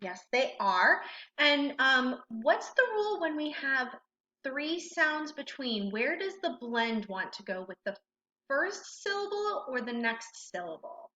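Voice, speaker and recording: A woman's voice: high voice, big pitch swings, unhurried, bright, forceful tone. A woman teaching a recorded phonics lesson, patiently asking questions and praising the learner. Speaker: reading teacher. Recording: roomy, slightly dull recording.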